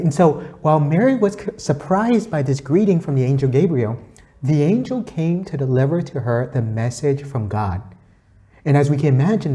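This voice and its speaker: Lively, mellow-voiced man teaching scripture. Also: mid-range voice. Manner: earnest, teacherly, repeats key points, quotes scripture. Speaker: faith reflection speaker. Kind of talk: gospel reflection talk.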